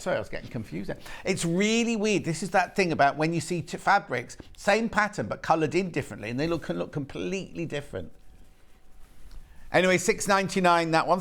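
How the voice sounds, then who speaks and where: Speaking fast with lively intonation, this live shopping presenter has a high, gravelly, slightly bright voice. He's in a TV studio, chatting, raving about fabrics, and trading jokes with the off-camera crew.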